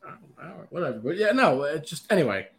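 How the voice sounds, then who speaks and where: Lively, teasing sports show host man. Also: fairly high pitch, quick pace, gravelly. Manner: teasing, animated. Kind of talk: casual sports talk.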